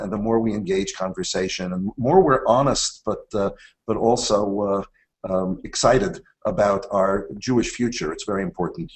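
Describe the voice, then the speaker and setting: A man's voice: on the low side, rough recording. Older man telling stories with emphatic, preacherly build. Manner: warm-hearted preacherly delivery, building to emphatic declarations. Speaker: university president, guest. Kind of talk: conversational storytelling.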